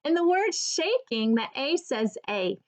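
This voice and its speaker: A woman teacher giving an early reading lesson for children, slowly and clearly sounding out each word. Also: high-pitched, big pitch swings.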